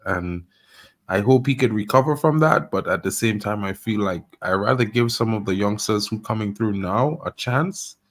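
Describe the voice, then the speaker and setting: A man on a fan panel giving measured opinions in a casual chat. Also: lowish voice, expressive.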